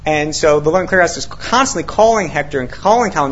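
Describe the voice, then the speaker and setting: An author with a voice on the high side speaks fast, telling an audience a long, animated story where he acts out quotes and trips over many fillers and restarts. It's a dull lo-fi recording of storytelling talk with quoted dialogue.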